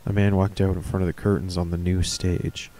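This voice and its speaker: A man's voice: low-pitched, flat delivery, fairly quick, mellow, a little hiss or hum. A man reading a horror story aloud, with casual, chatty asides. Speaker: reader of stories.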